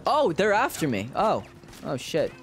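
Male streamer, slightly high voice, very animated, cussing, faint game noise behind. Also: unhurried. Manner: casual, swears freely, chats to viewers. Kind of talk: gaming livestream commentary.

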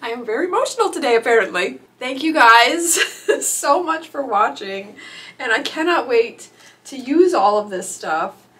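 A young adult woman vlogging, emotional and gushing, with halting restarts. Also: fairly high pitch, animated, fairly bright tone. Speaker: author vlogger. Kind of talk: casual vlog chat.

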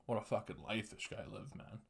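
A man's voice: lowish voice, brisk, gravelly, slightly rough. A man hosting a solo podcast, ranting casually and crudely with lots of swearing and laughing asides. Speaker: podcast host.

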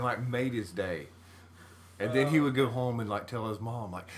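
A man's voice: mid-range voice, normal speed. A man, co-hosting a casual podcast chat, telling stories animatedly and laughing mid-sentence. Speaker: podcast co-host.

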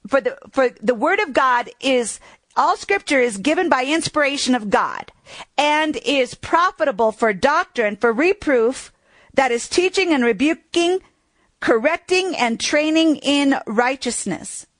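A woman teaching a recorded Bible lesson, reading scripture slowly and with emphasis. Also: high voice, expressive, dry recording.

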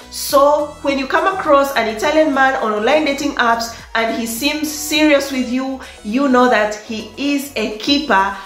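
High-voiced chatty woman giving dating advice. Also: a bit bright, echoey room. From Africa. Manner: chatty, laughs often, repeats words for emphasis. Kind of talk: casual advice monologue to viewers. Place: in Italy, in a room with echo.

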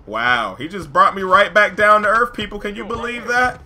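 A man commentating his own basketball video game with hype, jumping from loud shouts to low, joking asides. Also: moderate pace. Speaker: gaming YouTuber commentating his own play. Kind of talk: excited gameplay commentary.

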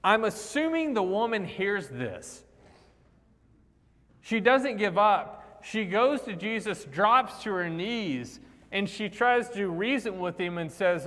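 A male preacher with a somewhat high voice speaks slowly, chatty and animated, acting out the lines he quotes. His sermon rings through a church sanctuary with a long hall reverb.

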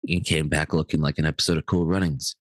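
A man co-hosting a podcast in casual banter, teasing in a deliberately low, dry tone. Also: fairly even intonation, dry recording. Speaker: podcast co-host.

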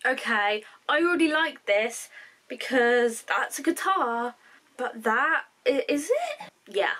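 A woman's voice: sits high, sing-song, slow pace, pushed and bright, rough recording. A young woman, reacting to music in a rambling, candid way, tired and emotional. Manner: chatty, rambling, self-correcting. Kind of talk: casual reaction commentary.

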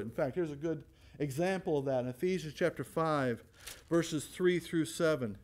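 Animated high-voiced pastor teaching. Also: male voice, moderate pace. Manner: animated, asks rhetorical questions and answers them; acts out voices in quotes, laughs often. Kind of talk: Bible study teaching.

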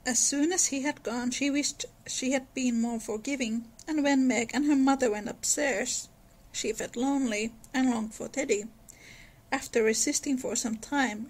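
A woman's voice: on the high side, rough recording. A woman co-hosting a book podcast, talking thoughtfully about a novel and reading passages aloud. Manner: thoughtful, with many "like" fillers. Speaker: podcast co-host.

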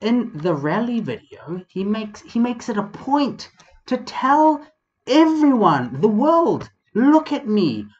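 A young man from New Zealand with a New Zealand accent, hosting a casual comedic vlog in a rambling, profane, animated way. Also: extremely high pitch, takes it slowly, muffled recording. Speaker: vlog host.

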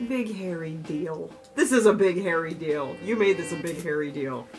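A young woman vlogging as she unboxes gifts, gushing, gasping and squealing with excitement. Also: fairly low pitch, moderate pace. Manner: gushing, squeals and gasps often, lively and giddy. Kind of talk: excited casual unboxing chat. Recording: music playing underneath.

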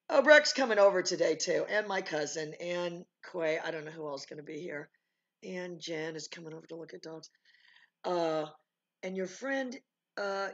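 A woman dog trainer explains her methods in a loose, rambling way, stacking up fillers and side stories as she goes. Her voice has a gravelly fry to it, and the recording sounds dull and lo-fi, like it was made at home. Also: medium pitch, fairly bright tone. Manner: rambling, many fillers and asides. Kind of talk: casual teaching talk. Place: home with dogs nearby.

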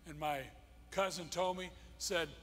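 Man, pastor, fervent preaching, bright voice, long church reverb. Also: fairly high pitch, steady tone, unhurried. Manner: impassioned preaching with emphatic repetition. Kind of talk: sermon. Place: church sanctuary.

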